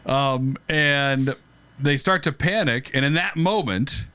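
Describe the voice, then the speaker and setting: A man's voice: mid-range voice, slow, pushed and bright, smooth, no echo. A man co-hosting a comedy podcast, riffing animatedly on a movie idea and laughing often. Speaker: podcast co-host. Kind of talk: casual comedic brainstorming.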